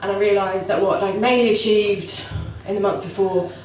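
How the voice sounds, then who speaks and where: A woman's voice: medium pitch, steady tone, moderate pace, darkish tone, slight background noise. A young woman with a cold doing a rambling, self-deprecating stand-up set, giggling between asides. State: has a cold. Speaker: stand-up comedian. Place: comedy club stage. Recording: echoey club recorded from far off with audience. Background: live audience.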